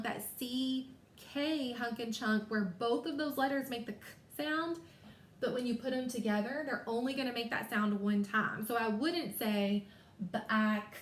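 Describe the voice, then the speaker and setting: A female teacher gives a phonics lesson to young readers, breaking each word into its sounds with slow, careful emphasis as she teaches spelling. Her voice is a little high and a bit bright. The room is echoey, and the echo is noticeable in the recording.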